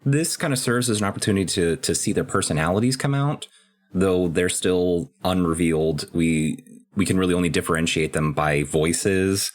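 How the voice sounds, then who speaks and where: A man co-hosting a podcast, casually recapping and discussing a video game in a relaxed, chatty way. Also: sits low, normal speed. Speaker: podcast co-host.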